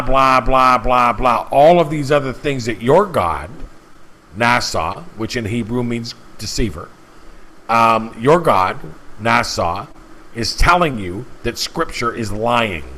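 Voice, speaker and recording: A man's voice: mid-range voice, bright, forceful tone, poor audio. A man preaching emphatically in a casual monologue, often stumbling and repeating words as he presses his point. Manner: emphatic, repetitive, stumbles and restarts. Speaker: channel host.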